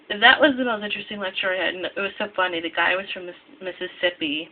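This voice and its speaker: A woman's voice: mid-range voice, fast, few pauses. Young Midwestern woman, culinary student vlogger; tired, rambling, self-correcting; tinny lo-fi phone-like audio. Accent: American Midwest. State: tired, half asleep. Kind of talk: casual vlog talk to camera. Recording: tinny lo-fi with faint hiss.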